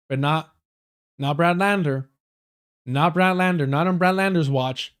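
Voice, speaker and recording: Male streamer, slightly high voice; angry, profane, sarcastic political commentary. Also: a little slow, long pauses, fairly bright tone, smooth. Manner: profane, sarcastic, angry rants between read-out passages. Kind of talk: livestream commentary reading news.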